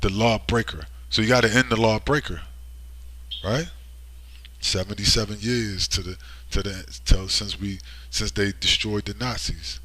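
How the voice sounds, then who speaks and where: A man's voice: fairly low pitch, fairly even intonation, measured pace, pushed and bright. A man delivering a preachy vlog monologue with emphasis, often asking "right?" as he speaks. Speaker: online commentator.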